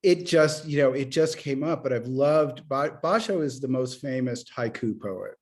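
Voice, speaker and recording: A middle-aged man, an author, chatting about his writing and telling stories with lively acted-out dialogue. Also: medium pitch, moderate pace. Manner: animated storyteller who acts out dialogue. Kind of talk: conversational author interview.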